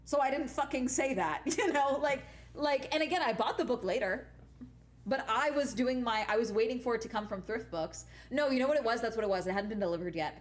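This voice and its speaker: Rambling, profane young woman streamer. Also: medium pitch. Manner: rambling and profane, full of "like" and "you know"; laughs often mid-sentence. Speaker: streamer and teacher. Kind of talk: casual chat.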